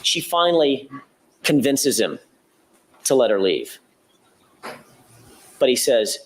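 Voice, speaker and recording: A man acting as prosecutor gives a courtroom opening statement in a mid-range, very animated voice. He lays out the events in a measured, methodical way, occasionally correcting himself.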